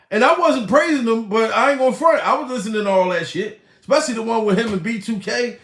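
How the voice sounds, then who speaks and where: A man doing a profane comedic rant as host, animated and laughing, swinging between shouts and low asides. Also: quick pace, hardly any pauses, echoey room.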